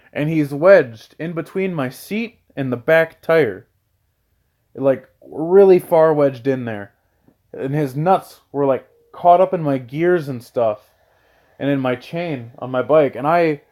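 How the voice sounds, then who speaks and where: A man's voice: medium pitch, darkish tone. A young man telling a childhood story in a casual, rambling way, repeating himself and swearing often. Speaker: gaming channel host telling a story.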